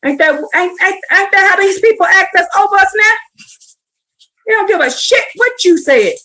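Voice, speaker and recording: A woman's voice: very high-pitched, expressive, normal speed, bright, forceful tone. A woman reading scripture aloud on a livestream, breaking off into blunt, profane asides and pleading rhetorical questions. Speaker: scripture teacher. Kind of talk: livestreamed Bible reading with commentary.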